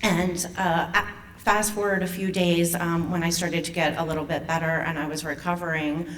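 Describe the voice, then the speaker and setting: Nervous woman telling her story, low voice. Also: level tone, recorded from a distance, a little hiss or hum. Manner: nervous, emotional, halting with restarts. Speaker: foundation president and patient speaker. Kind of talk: personal story at an event. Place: event hall.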